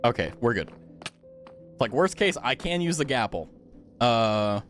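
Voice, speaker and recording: A man's voice: medium pitch, very animated, a little slow, a bit bright, soft background music. A young man streaming a game, chatting casually and playfully with his viewers. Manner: playful, chatty, talks to chat. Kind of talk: casual gaming commentary.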